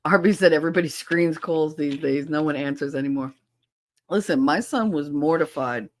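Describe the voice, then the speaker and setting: A woman's voice: low voice, moderate pace, slight background noise. Tell it like a blunt, swearing storyteller, as a woman host. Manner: animated storyteller who swears freely. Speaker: livestream podcast host. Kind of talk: casual livestream chat.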